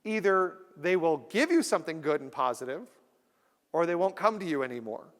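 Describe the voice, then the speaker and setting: Lively man telling stories in a hall. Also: on the high side, normal speed. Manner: storytelling, acts out voices for effect. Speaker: keynote speaker. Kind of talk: humorous keynote talk. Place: large conference hall. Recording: long hall reverb.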